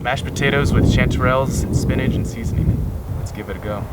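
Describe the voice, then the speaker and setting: Casting: laid-back young guy, mid-pitched, cooking and joking on a trail, heavy wind noise. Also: brisk. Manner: relaxed, joking, laughs often. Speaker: hiker cooking a trail lunch. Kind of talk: casual outdoor chat. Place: outdoors on a mountain trail. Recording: loud outdoor wind noise.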